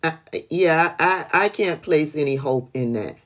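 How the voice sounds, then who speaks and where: A woman's voice: deep voice, a little slow, faint music behind. A woman hosting a casual political livestream, blunt and profane, often laughing, speaking. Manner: blunt, profane, laughing, talks to chat viewers by name.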